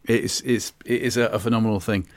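A man's voice: fairly low pitch, fairly even intonation, fairly quick, dry recording. A man hosting an interview, chatty and friendly as he asks questions. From Ireland. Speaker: interview host. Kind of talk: conversational interview.

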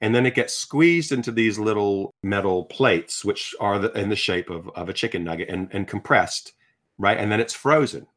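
A man with a fairly low voice, talking as a guest in an interview. He tells his stories in an animated, self-deprecating way, breaking off and restarting his sentences. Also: normal speed. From Virginia, United States. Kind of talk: personal storytelling in conversation.

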